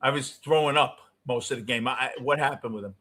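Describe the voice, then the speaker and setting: A middle-aged man with a New York accent ranting as a postgame show host, cursing and swinging between yelling and muttering. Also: mid-range voice, quick pace, a little hiss or hum. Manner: profane, swings from shouting to muttering. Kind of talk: ranting fan commentary.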